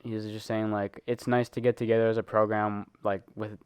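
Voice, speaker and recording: Teen podcast guy rambling through a story, lots of likes and ums, smooth clear voice, dry close mic. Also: lowish voice, little pitch movement, normal speed, a little mellow, no echo. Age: teens. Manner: rambling, filler-heavy, laughs while telling stories. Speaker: podcast co-host. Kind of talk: casual storytelling chat.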